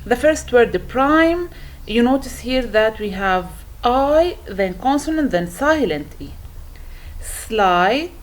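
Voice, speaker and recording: A woman teacher walking students through a worksheet, explaining slowly and carefully with frequent pauses and restarts. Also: fairly high pitch, big pitch swings. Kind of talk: worksheet walkthrough lesson.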